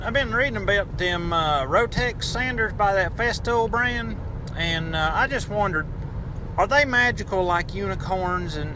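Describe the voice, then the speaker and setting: A man's voice: fairly high pitch, background noise, close to an everyday voice. A man from Appalachia leaving a voicemail, putting on an exaggerated hillbilly drawl with folksy grammar. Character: exaggerated hillbilly man asking about sanders. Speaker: listener voicemail caller.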